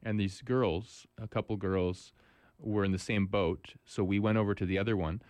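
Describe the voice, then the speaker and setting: A man's voice: on the low side, steady tone, normal speed, darkish tone, dry recording. A man co-hosting a casual conversation, telling rambling anecdotes full of restarts. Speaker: podcast co-host.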